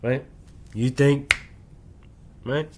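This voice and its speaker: A man of ordinary pitch talking straight to the camera in a rambling monologue. He speaks in short, broken fragments and restarts, and caps almost every phrase with an insistent "right?". A faint hiss of noise sits behind his voice. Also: fairly even intonation. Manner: halting, clipped fragments with restarts; insistent, confrontational address. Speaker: vlogger.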